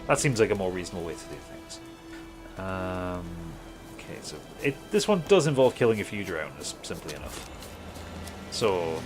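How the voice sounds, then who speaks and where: A man giving casual, rambling, self-mocking commentary while playing a video game. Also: on the low side. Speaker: gaming YouTuber. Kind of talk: casual let's-play commentary. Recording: commentary over game music.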